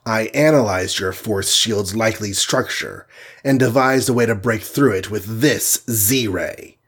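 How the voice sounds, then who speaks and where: A man plays a steady armored male superhero from a storybook, firm and level-headed. His own low, husky voice carries it. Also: measured pace, exaggerated voice. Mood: determined.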